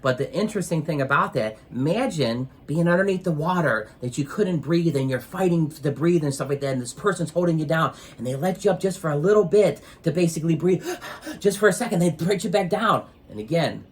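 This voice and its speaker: A man giving business advice as an interview guest, rambling with many pauses and filler sounds as he tells a motivational story. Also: fairly high pitch, slightly rough. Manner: rambling, many ums, grows animated when retelling.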